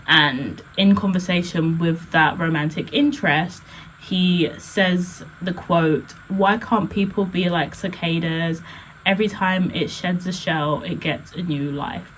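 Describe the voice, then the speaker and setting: Chatty woman with a lowish voice. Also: slight background noise, rough recording. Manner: chatty, heavy use of "like" and "um" fillers. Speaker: blogger and poet. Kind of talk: casual vlog talk.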